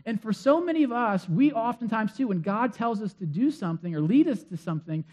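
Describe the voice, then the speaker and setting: A man's voice: sits high, animated, a little fast, a little mellow. A male pastor preaching a sermon in a conversational, storytelling way with frequent fillers.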